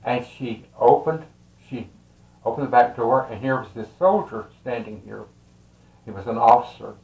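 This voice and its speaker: An older man with a Texas accent tells a family story in a casual, rambling way, with many fillers and soft chuckles. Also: medium pitch, moderate pace, gravelly. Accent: Texan. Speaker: storyteller and tarot reader. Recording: roomy echo.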